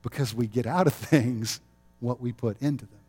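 A man preaching a sermon in a chapel with a mellow, warm voice at a middle pitch. He talks in a conversational way and chuckles often as he teaches. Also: moderate pace, slightly rough. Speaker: pastor.

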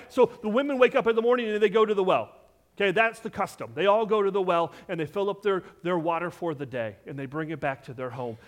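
Animated preacher man, slightly high voice. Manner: animated, questions the congregation directly; swings between loud emphasis and hushed asides. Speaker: pastor. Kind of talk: sermon.

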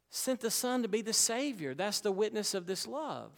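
A man's voice: high voice, sing-song, normal speed, fairly bright tone. Male pastor, emphatic sermon voice with folksy asides, long church reverb. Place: church sanctuary.

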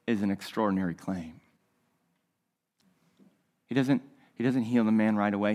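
A man's voice: medium pitch, animated, a little fast, long pauses. A male pastor preaching a sermon, repeating his phrases and asking the listeners rhetorical questions.

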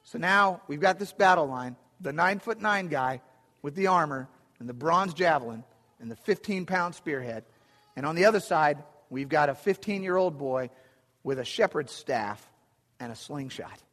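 A man's voice: a little high, animated, moderate pace, fairly bright tone. A man preaching a sermon, retelling a scripture story in a conversational way with vivid asides. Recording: echoey hall.

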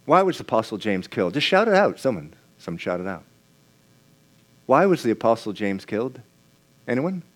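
A man's voice: mid-range voice, sing-song, a little fast, long pauses. Male preacher, mid-range voice, talks the sermon through casually and asks the congregation questions. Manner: conversational, questions the congregation, repeats words and restarts.

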